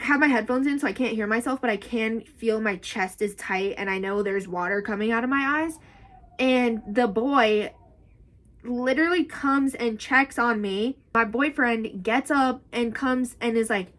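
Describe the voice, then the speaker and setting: A young woman chatting casually about books in a vlog, animated and full of "like". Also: fairly high pitch, unhurried. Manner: chatty and animated, with frequent "like" and "y'all". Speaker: book vlogger. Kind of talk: casual book review chat.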